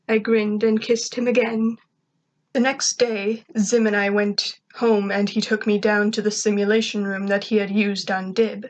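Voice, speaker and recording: A woman reading fan fiction aloud in plain, even first-person narration. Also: mid-range voice, measured pace. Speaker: reader.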